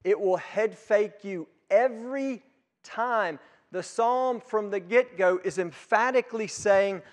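High-voiced pastor preaching in a reverberant church. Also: male voice, expressive, takes it slowly. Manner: emphatic, swells loud on key words then drops low. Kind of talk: sermon. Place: church sanctuary. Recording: long reverb of a church hall.

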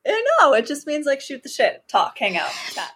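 A woman's voice: high-pitched, big pitch swings, moderate pace, a bit bright. A woman from Hawaii co-hosting a podcast, chatting candidly, giggling and exclaiming often. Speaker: podcast co-host. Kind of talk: casual chat.

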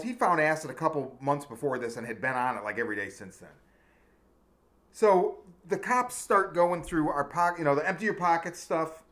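A man in animated storytelling mode, his voice sitting high and swinging widely as he goes. He swears freely and jumps into loud impressions of the people in his tale. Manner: animated, profane, acts out shouting cops. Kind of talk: casual storytelling chat.

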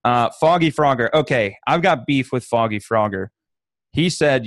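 A man's voice: medium pitch, lively intonation, normal speed, no room sound, clean studio sound. A man co-hosting a podcast in casual chat, handing out joking, playful advice. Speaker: podcast co-host.

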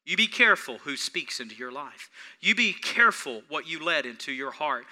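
Bright, high-voiced preaching man. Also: expressive, moderate pace, hardly any pauses. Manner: dynamic preaching, swinging from hushed to loud; repetitive, direct address to congregation. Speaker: pastor. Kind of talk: sermon.

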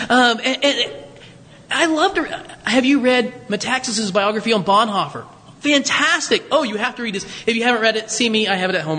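A man's voice: sits high, moderate pace, bright, forceful tone, big-room sound. A man preaching a conversational sermon, teaching from scripture with joking asides to his congregation. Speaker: pastor.

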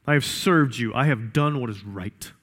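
A man's voice: medium pitch, normal speed, a bit bright. A man voicing a resentful, self-righteous older brother who protests insistently, heard with hall reverb. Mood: indignant. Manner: indignant, insistent.

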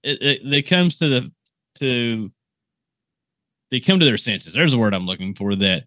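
A man casually hosts a podcast, recapping a movie scene in a loose, rambling way, full of fillers and false starts. His voice sits at an average pitch. The recording is dry and a little dull. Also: very animated, moderate pace, no room sound. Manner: rambling, filler-heavy storytelling. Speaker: podcast host.

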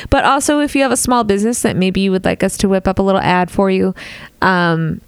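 A woman co-hosts a casual podcast. She reads headlines in a smooth, clean voice, then slips into giggly banter. The recording is dry and close, with no room sound. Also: mid-range voice, fairly quick, no echo. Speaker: podcast co-host.

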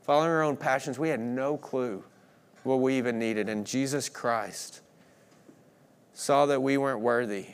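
A man preaching a sermon, earnest, swinging between emphatic declarations and hushed moments. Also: medium pitch, unhurried. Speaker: pastor.

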